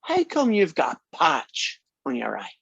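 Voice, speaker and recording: A teacher voicing an excited little boy asking eager questions in a joke told during an online class. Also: medium pitch, measured pace, vocal fry, breathy edge, dry recording, highs cut off, full character voice. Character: excited little boy who loves pirates.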